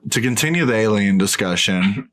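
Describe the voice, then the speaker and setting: A man's voice: fairly low pitch, animated, normal speed, fairly bright tone. Blunt, profane man on a podcast. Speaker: podcast co-host. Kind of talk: casual podcast chat.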